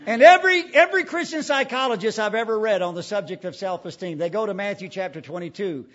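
A man preaching a sermon emphatically, asking repeated rhetorical questions and swinging between loud and hushed delivery. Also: high voice, fast, highs cut off.

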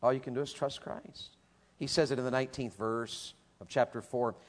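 A man preaching a sermon to a young audience, dropping low and quiet, then rising to shouts and repeating words for emphasis. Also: steady tone, moderate pace.

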